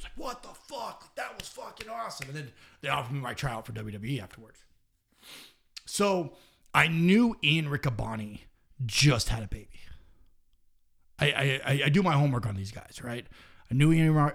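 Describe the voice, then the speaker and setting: A man's voice: medium pitch, gravelly. A young man, a professional wrestler, telling stories in casual, profane talk that drops to near-whispers. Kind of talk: casual storytelling.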